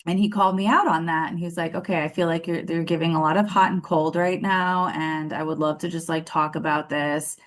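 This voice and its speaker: A woman in her thirties telling her love story in a casual interview, animated and acting out what people said, with lots of fillers. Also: sits low, brisk, hardly any pauses. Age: 30s. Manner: animated, acts out quoted dialogue, many fillers.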